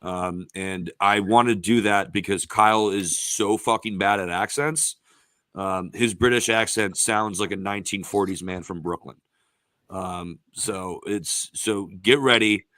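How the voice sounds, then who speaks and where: Here is a young man co-hosting a rowdy sports betting chat. He teases his friends with a lot of swearing, in a bright, forceful voice. The sound is dry and close, with no room around it. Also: on the low side, steady tone, unhurried, dry recording. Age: young adult. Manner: loud, swearing, teasing. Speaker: podcast co-host.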